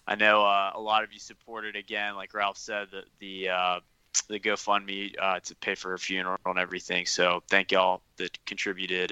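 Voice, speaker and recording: A man co-hosting a podcast, heartfelt and halting with many fillers. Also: deep voice, sharp tone, smooth, no echo, lo-fi sound. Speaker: podcast co-host. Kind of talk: casual podcast chat.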